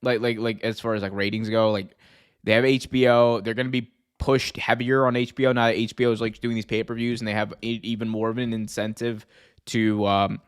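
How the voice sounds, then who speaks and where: A man hosting a podcast in casual chat, excitable and full of "like". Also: fairly low pitch, brisk, clean tone. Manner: excitable, heavy use of "like". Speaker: podcast host.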